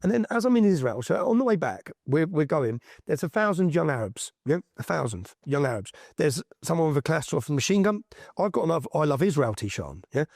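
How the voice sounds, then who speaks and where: Excitable English man telling a story. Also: a little high, fairly quick, gravelly, dry recording, studio quality. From England. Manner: excitable, emphatic, full of asides like "yeah?". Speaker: interview guest. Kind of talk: animated storytelling in conversation.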